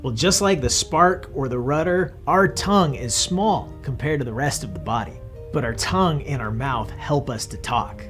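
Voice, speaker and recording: A man's voice: medium pitch, moderate pace, a bit bright, soft background music. Friendly young man teaching kids. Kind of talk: scripted kids lesson.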